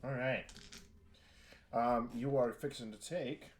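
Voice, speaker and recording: A man's voice: mid-range voice, steady tone, takes it slowly, a little hiss or hum. A man narrating as game master of a tabletop role-playing game, with many fillers and restarts.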